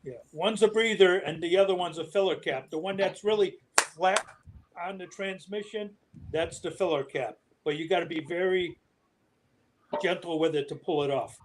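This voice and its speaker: A man's voice: high voice, moderate pace, slight background noise, rough recording. A man calling into a live stream chat, explaining a mower part in a matter-of-fact way. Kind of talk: casual technical advice.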